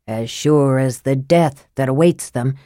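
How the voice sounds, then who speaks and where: A woman reads a sickly young male wizard in a low, hushed register. He is cold and scathing. The sound is dry and close to the mic. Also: measured pace, no echo.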